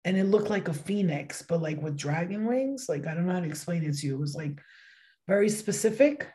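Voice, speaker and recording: A young woman doing a casual tarot reading, excitable and swearing freely, with bursts of exclamations. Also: lowish voice, brisk. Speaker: tarot reader.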